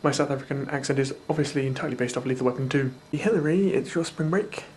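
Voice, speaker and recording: A man's voice: mid-range voice, fast, a little mellow, a little hiss or hum. A young man chatting casually to the camera in a rambling, offhand, self-mocking way. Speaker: video blogger. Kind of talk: casual chat.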